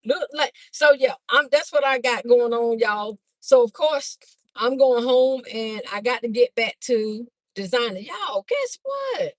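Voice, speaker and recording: An older woman speaking chats with her livestream viewers while riding in a car. Her voice sits a little high, and her talk is folksy and loose, aimed straight at the people watching. The sound is dry and close, as from a phone. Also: dry recording, low-quality recording. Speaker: livestream host, Easter basket seller. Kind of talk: casual livestream chat with viewers. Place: in a moving car.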